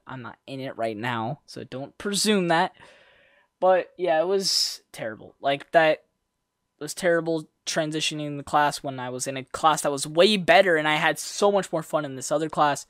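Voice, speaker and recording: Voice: mid-range voice, normal speed, fairly bright tone, dry recording, studio quality. A young adult vlogger telling a school story in a rambling, slangy way, with self-corrections and sarcastic asides. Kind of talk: casual storytime monologue.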